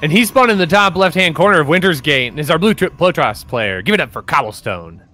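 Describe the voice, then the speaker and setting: A man's voice: fairly high pitch, lively intonation, fast, sharp tone. A man co-casting a game tournament in a friendly, upbeat way. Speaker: co-caster. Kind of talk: casual game commentary.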